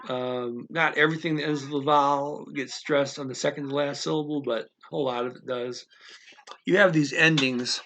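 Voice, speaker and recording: A man teaching a casual language lesson, explaining slowly and haltingly with many fillers and repeated words. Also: on the high side, fairly even intonation, bright, forceful tone, slight background noise.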